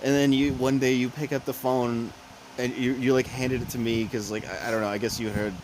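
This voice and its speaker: A podcast co-host in casual chat, telling animated stories full of acted-out voices and sound effects. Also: mid-range voice, fairly quick, noisy background.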